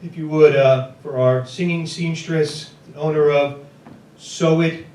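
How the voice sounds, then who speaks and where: A man's voice: fairly high pitch, fairly even intonation, unhurried, a little mellow, distant mic, slight background noise. A man acting as emcee at a small theater, introducing acts in an upbeat, loose way. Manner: upbeat, loose, hypes up the crowd. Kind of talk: introducing acts at an open mic. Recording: echoey theater, mic from afar.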